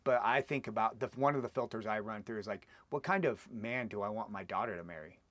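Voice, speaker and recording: A man's voice: on the low side, quick pace, fairly bright tone, dry recording. A man hosting a podcast, talking reflectively and thinking aloud as he responds to his guest. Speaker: podcast host. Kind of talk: conversational interview.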